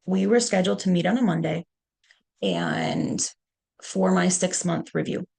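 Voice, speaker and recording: A middle-aged woman with a deep, heavily gravelly voice and a husky edge. She speaks in a conversational storytelling manner and often checks in with "okay". This is a leadership presentation. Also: wildly swooping pitch, a little slow, a little mellow. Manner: conversational, punctuates points with "okay".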